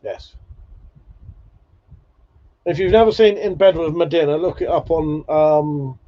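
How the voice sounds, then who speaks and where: A man's voice: fairly high pitch, measured pace. A man hosting a casual livestream, chatting and swearing freely between laughs. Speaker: livestream host. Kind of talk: casual chat reading viewer comments. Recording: dull lo-fi stream audio.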